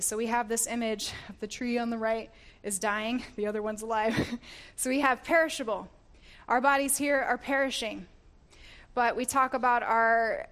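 A woman's voice: on the high side, a bit bright. A woman giving a sermon, reading scripture aloud and explaining it earnestly, often laughing and correcting herself mid-word. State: getting emotional. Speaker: preacher.

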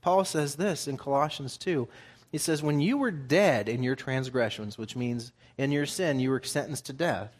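A man's voice: mid-range voice, moderate pace, husky. A man preaching a sermon, reading scripture aloud and explaining it in plain, conversational terms.

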